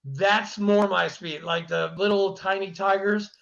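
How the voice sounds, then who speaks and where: A man with a high, gravelly voice talks bluntly as a podcast guest and swears freely. His voice has plenty of fry. The sound is dull and lo-fi. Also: fairly even intonation, unhurried, fairly bright tone. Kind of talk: casual chat.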